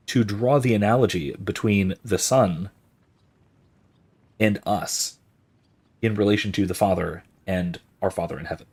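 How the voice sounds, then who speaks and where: A man's voice: lowish voice, darkish tone, breathy edge. An American man hosting a casual gaming stream, rambling and musing with plenty of restarts and fillers. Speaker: host.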